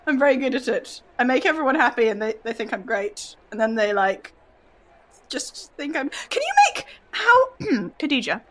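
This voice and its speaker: A self-important famous wrestler who boasts in a pompous, mock-grand way, as a woman acts it out in a fantasy tabletop game. The voice swings up and down with lively emphasis. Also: high voice, moderate pace. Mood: boastful.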